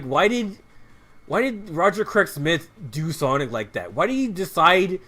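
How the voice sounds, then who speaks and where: Man, slightly high voice, offhand rambling let's play commentary with muttered asides. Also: bright, forceful tone. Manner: rambling, loose and offhand, with frequent restarts; muttered asides about the game while playing. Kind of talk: casual gameplay commentary.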